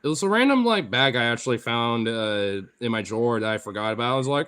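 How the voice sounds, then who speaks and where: A man with a Pacific Northwest accent, a streamer chatting casually with viewers, excitable, swearing freely and laughing often. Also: medium pitch, fast talker, hardly any pauses, clean tone. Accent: Pacific Northwest American. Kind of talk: casual chat answering viewer comments.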